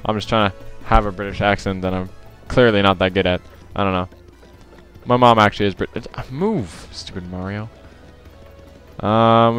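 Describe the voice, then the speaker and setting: A young man in casual let's play commentary, chatty and muttering at the game as he plays. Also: on the low side.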